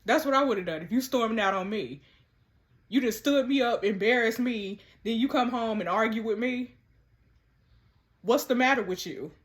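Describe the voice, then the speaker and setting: A woman giving sassy, animated commentary while playing through a texting story game. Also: on the high side, normal speed. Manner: animated, sassy, laughs often. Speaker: content creator.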